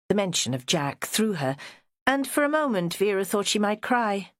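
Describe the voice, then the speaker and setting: A woman narrating a crime novel audiobook in an expressive storytelling manner. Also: mid-range voice, moderate pace, no echo, clean studio sound. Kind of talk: scripted narration.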